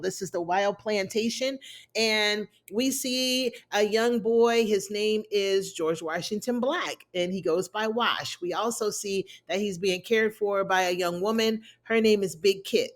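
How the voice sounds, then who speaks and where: A woman hosting a casual TV episode recap, chatty and sassy, calling her viewers "y'all". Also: mid-range voice. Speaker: TV recap host.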